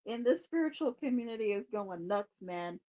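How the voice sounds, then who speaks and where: A woman's voice: medium pitch, animated, normal speed, mellow, dull audio. A woman hosting a psychic podcast in a casual livestream chat, laughing often and swearing casually.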